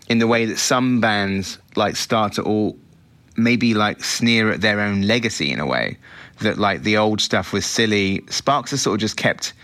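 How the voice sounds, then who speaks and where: A man's voice: on the low side, a bit bright. A middle-aged British man, a film director, answering interview questions in a chatty, reflective way with frequent restarts.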